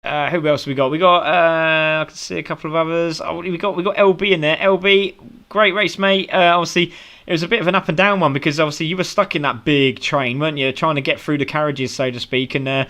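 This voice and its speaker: A man's voice: fairly high pitch, fairly even intonation, brisk, sharp tone. A man with a British accent doing upbeat post-race interviews as a sim racing commentator, full of praise for the drivers.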